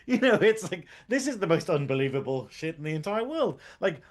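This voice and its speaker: Animated, sweary man reviewing a show. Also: fairly high pitch, brisk, few pauses. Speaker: podcast co-host. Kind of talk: casual review chat.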